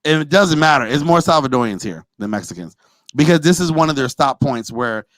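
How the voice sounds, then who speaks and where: A man, co-hosting a casual podcast. He banters, jumps between mumbling asides and shouted protests, and is a teacher. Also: medium pitch, brisk, dry recording. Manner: animated, rises to shouting when teased. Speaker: podcast co-host.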